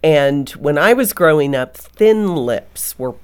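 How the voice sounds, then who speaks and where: A woman's voice: sits low, animated, takes it slowly, crowd noise. A middle-aged woman co-hosting a radio interview, telling a childhood memory in a thoughtful, affirming way. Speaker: radio co-host.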